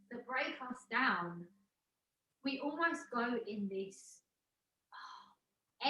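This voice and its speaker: A woman's voice: mid-range voice, a bit bright. A woman hosting a video call for a women's group, speaking in an encouraging, coaching way. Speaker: host. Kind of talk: supportive group-call talk. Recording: roomy echo.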